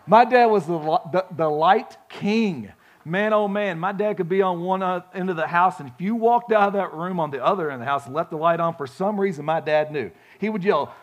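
A male pastor preaching a sermon, folksy and animated, telling stories with frequent restarts. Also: fairly high pitch, a little fast. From grew up on a farm.

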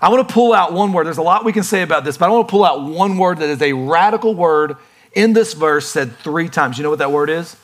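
A man preaching a sermon in a lively, conversational way, acting out quick voices for the people in his stories. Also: on the high side. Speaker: pastor.

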